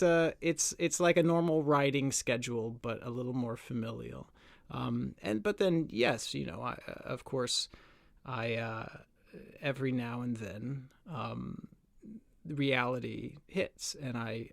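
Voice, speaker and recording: A man's voice: medium pitch, dry recording, studio quality. An American man being interviewed over a video call, speaking thoughtfully with many restarts. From United States. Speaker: author guest.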